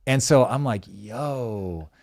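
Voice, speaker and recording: A man's voice: mid-range voice, slow, vocal fry, darkish tone. A middle-aged man hosting a show, riffing with emphatic, sarcastic energy and the odd swear. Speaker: show host. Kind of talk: animated commentary chat.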